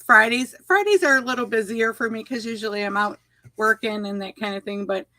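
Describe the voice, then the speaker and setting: A woman's voice: fairly high pitch, fairly quick, sharp tone, no room sound. A woman from Kentucky with a Southern drawl, reading out video titles and chatting casually as a livestream guest. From Kentucky, USA. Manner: reads out list with laughs. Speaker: guest creator.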